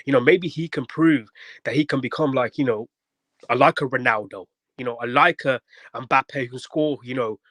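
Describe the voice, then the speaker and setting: A man's voice: medium pitch, normal speed, fairly bright tone, no echo. A man calling into a football show, giving a rambling match reaction full of fillers. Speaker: caller.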